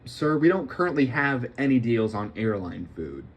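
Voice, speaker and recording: A man playing a flight attendant, flatly and patiently explaining to a passenger. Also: medium pitch, moderate pace, lo-fi sound, slight background noise, natural voice. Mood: exasperated.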